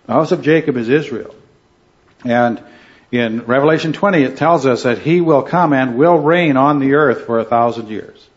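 A man of ordinary pitch leads a Bible study group, teaching earnestly and often pausing to ask "right?" as he goes. His voice comes through a dull, lo-fi recording. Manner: earnest, checks in with "right?" and "okay".

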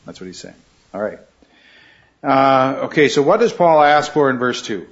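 A man's voice: mid-range voice, big pitch swings, moderate pace. A man leading a Bible study class, asking questions and repeating the students' answers. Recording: slightly dull recording.

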